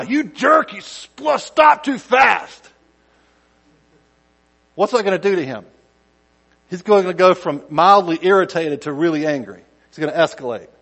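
A male pastor giving a conversational sermon, dropping to quiet asides and rising to loud acted-out shouts. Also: fairly high pitch, poor audio.

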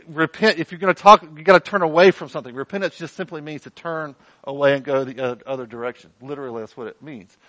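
A man preaching a sermon in an animated, conversational way with playful asides. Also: mid-range voice, no echo, poor audio. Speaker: pastor.

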